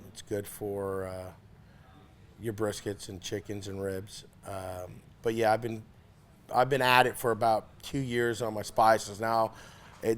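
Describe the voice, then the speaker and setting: A man who is a competition pitmaster, telling anecdotes at a relaxed pace in a casual interview, often pausing on "uh". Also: fairly low pitch, slight background noise.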